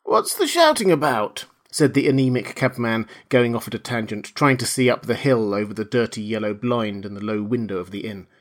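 A man narrating a classic novel aloud in a measured, expressive way. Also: on the low side. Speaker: reader. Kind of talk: audiobook narration.

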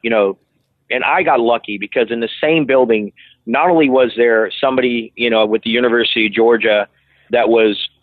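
A man, a restaurant owner, tells long rambling stories with lots of "you know" and false starts. His voice sits at an ordinary pitch and comes through a thin, phone-like line with no room sound at all. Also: fairly quick, dry recording. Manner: rambling, many restarts and fillers. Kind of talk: casual interview storytelling. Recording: dry tinny phone-like line.

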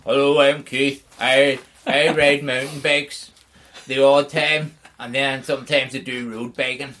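A man putting on his co-host's slow, flat, deadpan way of talking. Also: mid-range voice, voice pushed down.

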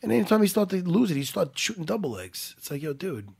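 A man chatting casually, animated, laughing often and swearing freely. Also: sits high, fast talker, creaky, slightly rough. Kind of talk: casual chat.

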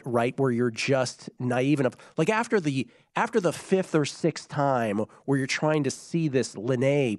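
Hoarse man co-hosting a chat. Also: medium pitch, a little mellow, dry recording, clean studio sound. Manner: conversational, self-interrupting, explains background. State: hoarse, voice giving out. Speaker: podcast co-host. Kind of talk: casual sports chat.

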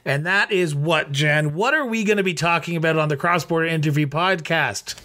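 A man hosting a political podcast, talking casually with halting fillers while he reports results. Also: a little high, bright, forceful tone. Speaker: podcast host. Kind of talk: political talk and election coverage.

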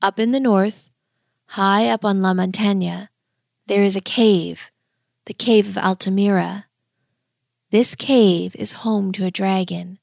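A woman voicing a kindly, fatherly old male gardener who speaks in a gentle, confiding way in a storybook. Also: mid-range voice, steady tone, a little slow, vocal fry, pauses often, dry recording, studio quality.

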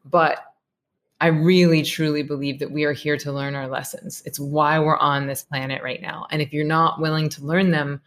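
A woman's voice: low voice, flat delivery, moderate pace. A woman in her thirties, a meditation teacher, talking reflectively and earnestly as a podcast guest. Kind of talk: podcast interview.

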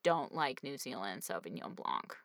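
A woman's voice: very deep voice, big pitch swings, moderate pace, a bit bright, no room sound, studio quality. A woman co-hosting a podcast in casual, bubbly chat, laughing often and rambling. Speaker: podcast co-host.

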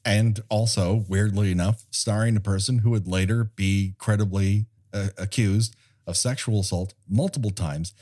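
A man's voice: fairly low pitch, fairly even intonation, moderate pace, mellow. A man co-hosting a casual film podcast, talking in a profane, sarcastic way. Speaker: podcast co-host.

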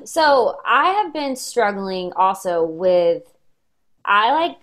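A young adult woman hosts a relaxed conversation. She speaks with open emotion and sounds close to tears, and her voice sits in an ordinary middle range for a woman. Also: medium pitch, slow pace. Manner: warm, emotional, choked up. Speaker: host. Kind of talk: casual conversation.

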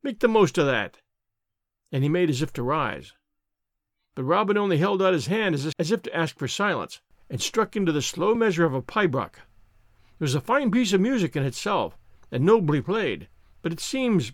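A man hosting a weekly show, reading a classic novel aloud in measured storytelling narration. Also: a little high, dry recording, studio quality. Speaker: audiobook reader and show host.

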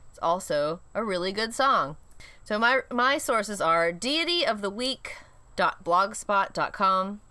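A woman co-hosting a podcast, chatting casually with a bright, clear tone. Her pitch swings widely as she talks, and her delivery is unhurried. She is playful and giggly and pokes fun at herself. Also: lively intonation, dry recording. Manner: playful, giggly, self-mocking. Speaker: podcast co-host. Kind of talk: casual chat.

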